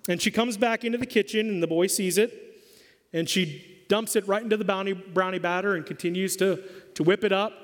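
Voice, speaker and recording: A man's voice: high-pitched, a little fast. A man preaching a sermon as pastor, emphatic and quizzing his congregation in a church hall. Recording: long hall reverb.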